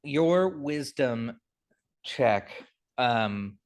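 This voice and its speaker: A man's voice: mid-range voice, lively intonation. Young guy game mastering, lots of ums, mid voice. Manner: halting, filler-heavy explaining. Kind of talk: narrating a tabletop game.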